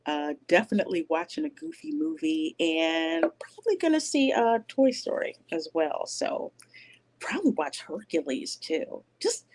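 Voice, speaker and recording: A woman's voice: on the low side, a little mellow. A woman hosting a livestream, chatting casually and reading viewer comments aloud, rambling with lots of fillers and restarts. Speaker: livestream host reviewing a movie.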